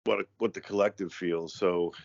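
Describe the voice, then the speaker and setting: Deep-voiced man, halting and rambling. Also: steady tone, vocal fry, darkish tone, no echo. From United States. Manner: halting, rambling, many fillers and restarts. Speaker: guest, tattoo artist. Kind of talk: casual conversation. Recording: dry, dull lo-fi audio.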